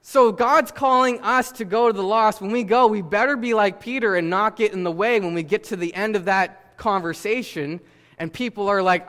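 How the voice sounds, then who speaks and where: A man's voice: high voice, moderate pace, fairly bright tone, long reverb tail. A man preaching a sermon in a conversational way, with casual fillers and questions put to the listeners. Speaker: pastor.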